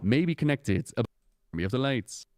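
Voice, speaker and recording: A man, chatty and excitable, commenting live to his stream chat and talking to the game. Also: medium pitch, normal speed.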